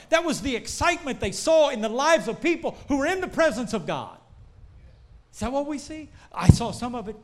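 A man preaching a sermon, telling folksy stories and building to shouts. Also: very high-pitched. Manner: animated, rising to shouts, folksy storytelling.

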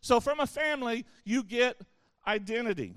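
A man's voice: very high-pitched, expressive, normal speed, fairly bright tone, clear, resonant tone, dry recording. A man giving a sermon to young people, speaking conversationally and with playful asides to the crowd. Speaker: youth pastor.

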